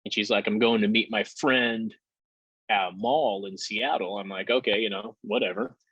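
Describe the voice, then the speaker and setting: A man telling his story candidly in a casual interview, with halting fillers and the odd curse. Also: fairly low pitch, steady tone, a bit bright, breathy edge, dry recording. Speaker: podcast guest. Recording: dull lo-fi sound.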